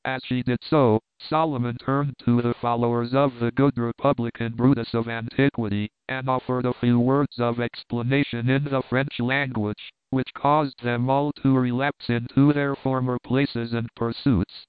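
Smooth-voiced man narrating a classic novel. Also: medium pitch, little pitch movement, normal speed, few pauses, no echo. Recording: dry tinny phone-like sound.

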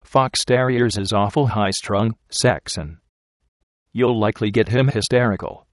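A man reading the part of a blunt, rough working-class young man who talks in plain, ungrammatical folksy speech. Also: lowish voice, measured pace, dry recording, studio quality, lightly acted. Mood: earnest. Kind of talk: audiobook character reading.

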